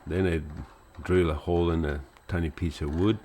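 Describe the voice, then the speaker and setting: A man hosting a woodturning channel, talking through his project in a relaxed, rambling voice-over with fillers. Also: deep voice, moderate pace, a little hiss or hum. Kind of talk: casual voice-over narration.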